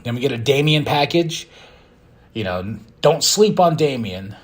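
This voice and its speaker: A young man talks casually through a wrestling recap on his podcast. His pitch swings widely as he jumps into quick acted-out lines, loud and high, then drops back to a low, relaxed chat. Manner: excitable, acts out quotes in bursts. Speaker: podcast host.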